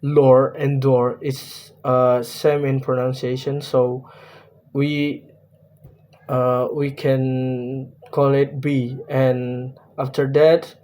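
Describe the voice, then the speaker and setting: A young man speaks with an Indonesian accent as he presents a poetry analysis for class. He talks slowly, pausing often on fillers and restarting his phrases. His voice sits at an ordinary male pitch. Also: flat delivery, mellow. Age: young adult. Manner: hesitant, many fillers and restarts. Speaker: student presenting a poem analysis.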